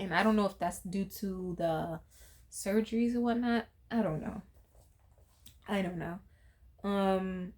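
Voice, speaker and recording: A woman's voice: mid-range voice, darkish tone. A young woman, chatting casually in commentary, full of asides, fillers and laughs. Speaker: reality TV commentary vlogger.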